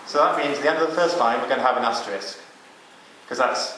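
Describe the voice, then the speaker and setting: A man's voice: mid-range voice, fast, bright, forceful tone, slight background noise. A man leading a psalm chanting workshop, explaining each step to the group and singing example lines. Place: cathedral. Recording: very echoey cathedral with music.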